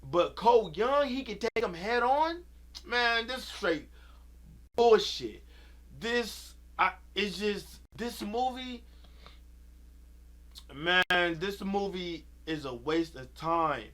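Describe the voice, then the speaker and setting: A man's voice: high voice, animated, takes it slowly, fairly bright tone. A man giving an angry, profane rant about a movie, repeating himself as he vents. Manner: heated, profane, repetitive ranting. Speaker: video creator.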